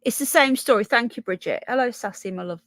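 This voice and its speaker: A woman's voice: a little high, fast talker, fairly bright tone, no room sound. A woman with a Brummie accent hosting a casual livestream, chatting and thinking aloud as she reads news and viewer comments. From Birmingham, England. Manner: chatty, thinks aloud, stumbles over names. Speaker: livestream host.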